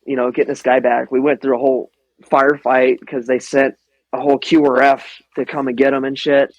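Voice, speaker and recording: A man talks casually as a podcast guest, spinning animated anecdotes and swearing without a second thought. His delivery is loose and conversational, broken up by frequent laughter. The recording is dry and close. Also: medium pitch, brisk, no room sound, highs cut off. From American Midwest. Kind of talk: casual storytelling chat.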